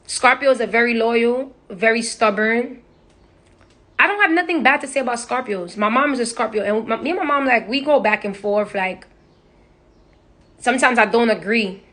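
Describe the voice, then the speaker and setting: A woman's voice: on the high side, expressive, a little fast, a bit bright. A young woman chatting bluntly and with profanity on a phone livestream. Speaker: social media personality. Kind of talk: casual livestream chat. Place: indoors, on a live stream.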